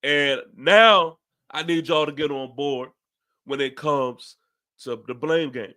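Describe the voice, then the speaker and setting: A young man with a New York accent delivers a fan's post-game rant as a podcast host. His voice sits a bit high, and he hammers points home by repeating them, swearing casually as he goes. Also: slow, pushed and bright.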